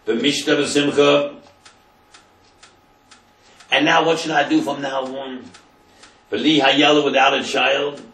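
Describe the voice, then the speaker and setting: A man's voice: mid-range voice, a bit bright, echoey room, distant mic, low-quality recording. A man, a rabbi, telling a story in a class and translating Hebrew phrases into English with dramatic emphasis.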